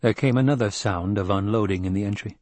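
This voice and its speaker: A man narrating an audiobook in a measured, even storytelling manner. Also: lowish voice, dry recording. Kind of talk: scripted narration.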